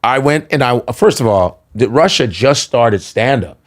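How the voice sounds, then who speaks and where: A man, a comedian, telling a comic story on a podcast in an animated, profane manner and acting out voices. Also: medium pitch, a little slow. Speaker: comedian guest.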